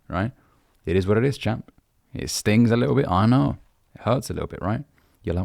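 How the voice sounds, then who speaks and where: A man's voice: lowish voice, fairly quick, vocal fry, few pauses, a little mellow, dry recording, clean studio sound. A young man from the UK, a dating coach, giving blunt, brotherly advice and swearing casually. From United Kingdom. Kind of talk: direct-to-camera advice talk.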